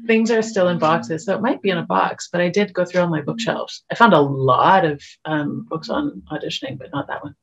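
A woman's voice: lowish voice, brisk, hardly any pauses, husky, dull audio. A woman actor from Canada, a guest on a podcast, chatting casually and laughing at herself. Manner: laughs easily, self-deprecating. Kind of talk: casual interview chat.

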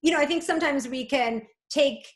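High-voiced woman, gently encouraging. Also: fairly quick, reverberant. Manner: flowing, gently encouraging, frequent "like" and "right?". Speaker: guest, spiritual coach. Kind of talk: reflective conversational interview.

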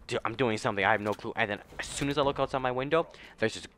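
A man's voice: mid-range voice, very fast, fairly bright tone, a little hiss or hum. A young man giving casual, rambling commentary over his gameplay, with bursts of profane trash talk. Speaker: gaming YouTuber and streamer.

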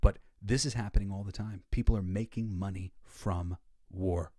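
A man hosting a podcast and giving casual, emotional commentary. He swings between soft, heartfelt stretches and loud, excited bursts. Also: low voice, normal speed, dry recording, studio quality. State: tearful. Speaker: podcast host.

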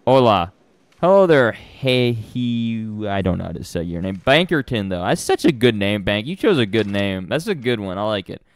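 A nervous young man chatting through a live horror game stream, rambling and laughing at himself. His voice sits a bit low and comes through smooth and clear. The sound is dry and close, with no room echo. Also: big pitch swings, fairly quick, few pauses. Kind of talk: live gameplay commentary.

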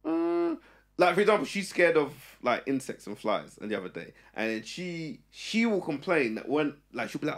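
Gravelly animated young Englishman. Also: moderate pace. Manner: animated storyteller, big pitch jumps. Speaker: podcast co-host. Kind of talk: casual chat.

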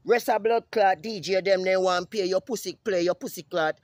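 A man's voice: normal speed, dry recording. Brash profane Jamaican man. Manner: brash, profane, repetitive, with sudden high-pitched calls. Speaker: vlogger. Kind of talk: profane casual vlog rant. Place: outdoors in the sun.

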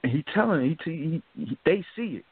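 A man's voice: fairly high pitch, animated, a little fast, breathy edge. A man hosting a radio talk show, chatting loosely and often asking "you feel me?". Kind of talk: casual discussion. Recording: dry, phone-like narrow sound.

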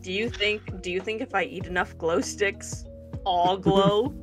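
A woman gamer in casual chat with friends, joking in a drawn-out, deadpan way. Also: mid-range voice, music in the background.

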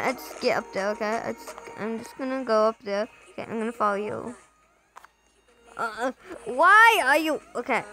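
A woman's voice: a little high, rough recording. A young woman playing a game and talking aloud as she plays, chatty, repeating words in bursts with sudden yelps. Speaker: gamer playing a parent role. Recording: game music playing behind.

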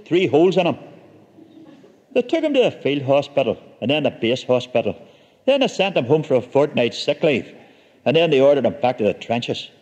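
A man's voice: fairly high pitch, a little mellow, big-room sound. A man telling a comic story with dry, wry humor.

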